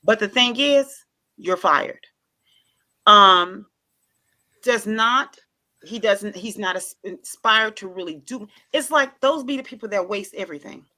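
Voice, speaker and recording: A woman of mid pitch with a bright, forward voice hosts a casual storytelling vlog. She talks in a playful, informal way and often acts out the dialogue. Her delivery stays chatty and lively throughout. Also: measured pace. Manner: chatty and informal, with many interjections. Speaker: channel host.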